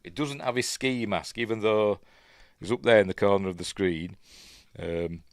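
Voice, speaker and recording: A man's voice: lowish voice, normal speed, no echo, studio quality. A Yorkshire man hosting a film review stream, chatting in a rambling, self-deprecating way. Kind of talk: casual livestream commentary.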